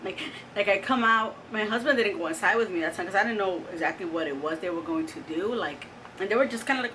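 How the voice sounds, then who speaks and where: Woman vlogging casually, bright clear voice, lots of "like", faint room noise. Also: mid-range voice, quick pace, poor audio. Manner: chatty, animated, lots of "like" and "oh my God". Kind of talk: casual storytelling to camera.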